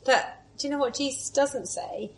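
A woman preaching a sermon, moving between lively storytelling and soft, hushed reflection. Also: sits high, moderate pace, poor audio.

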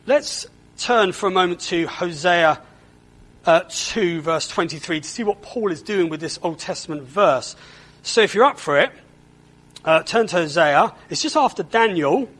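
A man's voice: sits high, animated, moderate pace, fairly bright tone, poor audio. A man preaching a sermon in a church, earnest and often repeating words as he stresses a point.

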